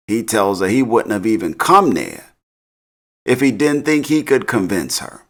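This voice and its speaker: A man's voice: on the low side, big pitch swings, a little slow. A man casually recapping a TV episode in slang, laughing often. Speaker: TV recap host.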